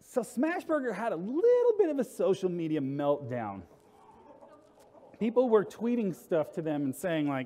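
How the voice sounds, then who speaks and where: A man's voice: fairly high pitch, very animated, moderate pace, a little mellow. Wry man telling a story in a reverberant hall. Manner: casual, wry, acts out quotes. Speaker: conference speaker. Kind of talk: humorous storytelling talk. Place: conference hall. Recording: long reverb in a conference hall.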